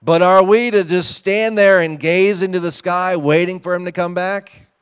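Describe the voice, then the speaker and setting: A man's voice: high-pitched, steady tone, normal speed, clear, resonant tone. A pastor preaching a sermon to his congregation, emphatic and often asking them questions. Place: church sanctuary.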